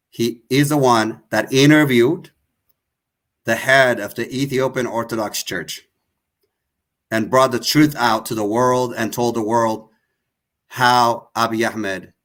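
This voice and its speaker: A man's voice: lowish voice, a bit bright. A man from Tigray, hosting an online show and speaking in an emotional, accusatory way with much repetition. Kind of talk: impassioned political talk.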